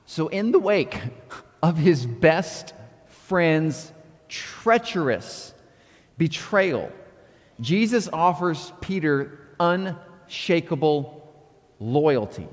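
A fairly high-pitched man preaching to his church in a casual, animated way. His voice carries a long reverb from the hall around him, and he slips into quoted inner dialogue as he goes. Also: drawn-out words, pauses often. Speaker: pastor. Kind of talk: sermon. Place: church auditorium.

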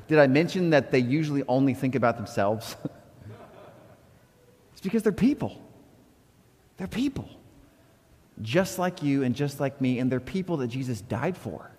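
A man delivers a sermon in an easy, conversational storytelling way, now and then breaking into lively, animated outbursts. His voice sits at an ordinary middle pitch. The sound carries a long reverb, like a church hall. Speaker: pastor.

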